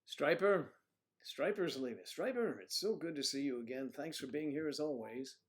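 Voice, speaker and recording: A man's voice: mid-range voice, fairly quick. A man hosts a casual livestream and rambles from one joke to the next. His manner is playful and loose, like someone chatting off the cuff with viewers. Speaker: livestream host.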